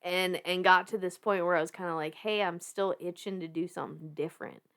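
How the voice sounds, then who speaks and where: A woman in her thirties with a Southern US accent, a podcast guest telling her story in animated casual talk, laughing often and swearing freely. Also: lowish voice, a little fast, smooth.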